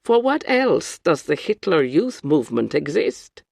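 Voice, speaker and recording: A reader voicing a worldly, grave Russian woman traveller who speaks in a calm, matter-of-fact way. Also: medium pitch, unhurried, creaky, no echo, studio quality, full character voice.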